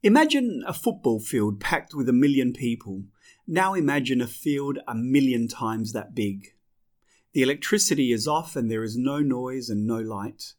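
A man giving slow, clear first-person scripted audiobook narration. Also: mid-range voice, expressive.

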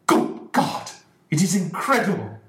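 A distraught gentleman father who bursts out in high, loud cries, as a male narrator puts him on. His voice leaps sharply in pitch, and the recording is roomy and echoing. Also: big pitch swings, a little slow, exaggerated voice. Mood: shocked. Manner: loud shocked outbursts. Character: distraught middle-aged gentleman, excitable father.

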